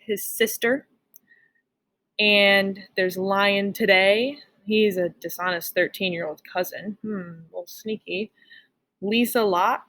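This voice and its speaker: A woman teacher recording a lesson for her class, upbeat and encouraging, checking in with her students often. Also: medium pitch. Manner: upbeat, encouraging, frequent "all right?" check-ins.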